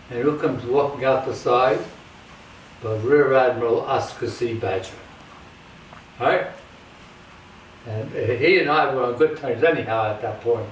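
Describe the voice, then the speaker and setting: An older man, a navy veteran, telling stories in a casual, halting way with small restarts. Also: medium pitch. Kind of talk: casual storytelling. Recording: echoey room, distant mic, faint hiss.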